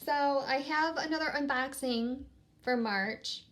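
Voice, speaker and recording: A woman's voice: high voice, slow pace, fairly bright tone. A woman chatting casually at home while she unboxes products, bubbly and rambling, often trailing off and restarting her sentences. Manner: bubbly and upbeat. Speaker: vlogger.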